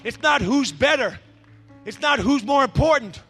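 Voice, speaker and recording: A man preaching a sermon as pastor, swinging between shouted passion and hushed intensity. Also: very high-pitched, lively intonation, normal speed, slightly rough, big-room sound, faint music behind.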